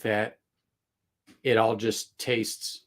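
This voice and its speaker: A man's voice: lowish voice, flat delivery, drawn-out words. A man hosting a casual livestream chat, rambling with many fillers and restarts and laughing often. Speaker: livestream host.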